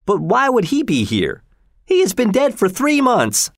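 A man's voice: sits high, huge pitch swings, moderate pace, no echo, clean studio sound, pitched above the performer's own voice, heavily acted. A man voicing an older woman housekeeper, exclaiming in surprise, in an audiobook reading. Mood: surprised.

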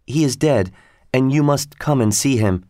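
A man voicing a calm, serious young girl who speaks quietly and earnestly in a storybook reading. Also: mid-range voice, moderate pace, dry recording, clean studio sound, lightly acted.

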